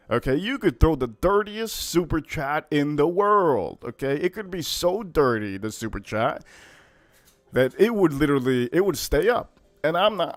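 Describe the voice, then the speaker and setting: Animated, profane male livestream host. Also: fairly high pitch, no echo. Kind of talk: casual livestream chat.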